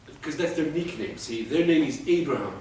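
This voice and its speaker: A man teaching Hebrew to adult beginners, his voice rising and falling a lot as he explains and praises. He sounds a little high for a man. The recording is very echoey, with the mic set well away from him. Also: lively intonation, a little fast, darkish tone, a little hiss or hum. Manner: patient, explains and praises students. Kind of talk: classroom teaching. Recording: echoey room, mic far off.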